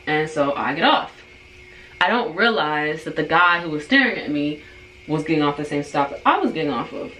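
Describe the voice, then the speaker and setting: Chatty young woman, low-voiced storyteller. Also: a bit bright. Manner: chatty, rambling, full of "like". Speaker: vlogger. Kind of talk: casual storytime. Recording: roomy room with faint noise.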